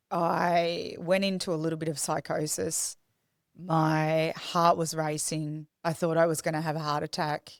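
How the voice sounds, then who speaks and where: A woman's voice: low voice, no room sound, studio quality. A young woman, a podcast guest, telling her story in a raw, confessional way with many restarts. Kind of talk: candid personal storytelling.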